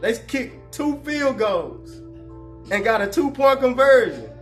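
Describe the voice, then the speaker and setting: A man hosting a casual sports talk show, animated and joking, full of slang. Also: extremely high pitch, slow, faint music behind.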